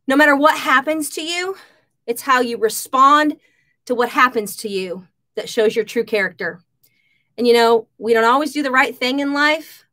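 A woman hosting a casual live stream from her home kitchen, chatting and shouting out viewers by name. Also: fairly high pitch.

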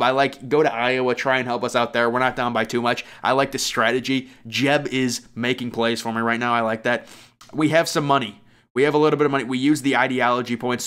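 Young man, gaming youtuber, rambling, excitable, self-mocking commentary. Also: medium pitch, clear, resonant tone. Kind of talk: casual gameplay commentary.

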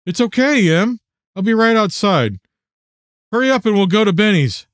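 A man voicing a gentle father calmly reassuring his frightened young daughter, in an audiobook reading. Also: high voice, normal speed, no echo, studio quality, pitched above the performer's own voice. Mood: soothing. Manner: soft, reassuring.

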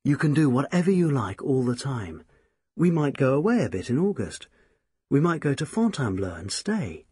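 A man's voice: mid-range voice, sing-song, moderate pace, darkish tone, slightly rough, dry recording, studio quality. A man narrating a novel in the first person, offhand and casual in manner. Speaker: audiobook narrator.

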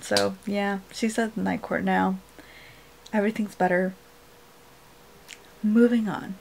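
A woman's voice: medium pitch, steady tone, slow, vocal fry, darkish tone, slight background noise. A young woman talking casually at home as a book vlogger, rambling with lots of "like" fillers. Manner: rambling, filler-heavy "like" talk. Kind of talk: casual vlog chat.

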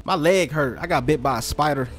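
A man giving funny gameplay commentary, excitable and slangy, reacting to the game with jumpy exclamations. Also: on the high side, a little fast. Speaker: gaming commentator. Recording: game gunfire noise behind the voice.

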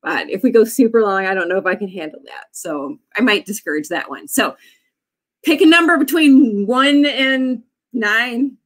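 A woman's voice: fairly high pitch, expressive, normal speed, fairly bright tone. A woman in her forties, an author hosting a writing sprint livestream in a casual, bubbly way, often cheering her viewers on with whoops. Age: 40s.

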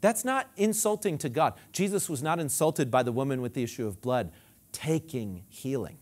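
Here a male pastor gives an expressive sermon at normal speed. He draws the congregation into call-and-response, alternating emphatic, loud proclamations with soft, low remarks on the side.

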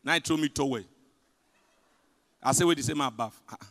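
A man with a Nigerian accent performing a stand-up comedy set in pidgin, telling stories with big swings between loud punchlines and hushed asides. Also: mid-range voice, a little fast. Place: large hotel event hall. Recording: live hall reverb.

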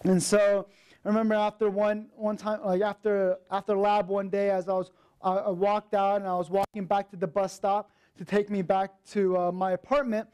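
High-voiced young male minister preaching. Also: normal speed, smooth. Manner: storytelling with lively acted quotes. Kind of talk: sermon. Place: church.

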